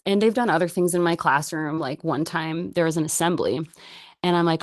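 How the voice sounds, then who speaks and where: Lowish-voiced woman rambling thru a story, laughing, lots of "like", dry sound. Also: brisk, no room sound. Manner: animated, rambling, laughs often, says "like" a lot. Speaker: guest. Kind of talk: casual storytelling chat.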